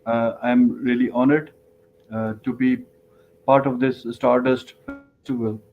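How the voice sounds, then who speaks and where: A man's voice: medium pitch, little pitch movement, unhurried, faint music behind. A man from Pakistan giving a remote talk over a video call, speaking hesitantly with many fillers. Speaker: guest speaker. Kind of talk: remote presentation. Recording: tinny call audio, faint noise.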